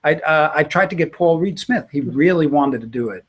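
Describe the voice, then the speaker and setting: A man's voice: on the high side, animated, normal speed, breathy edge. A middle-aged man, a guitarist, answering interview questions in a loose, rambling way with many fillers and restarts. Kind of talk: casual interview talk.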